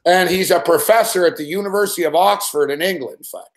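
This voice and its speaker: A man's voice: sits high, fast. A man hosting a show, telling a long profane story in an agitated, swearing rant. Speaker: show host.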